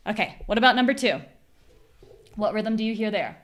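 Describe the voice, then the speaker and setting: A woman's voice: medium pitch, lively intonation, a little fast, a bit bright. American woman teaching pronunciation live. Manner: demonstrates rhythms by exaggerated stressed syllables; clear, patient teacher checking chat. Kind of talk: live online class.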